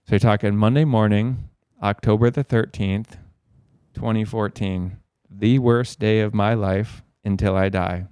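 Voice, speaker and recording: A man's voice: fairly low pitch, steady tone, unhurried, darkish tone, clean tone, no room sound, clean studio sound. Profane, rambling man telling his story. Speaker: podcast guest. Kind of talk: casual storytelling.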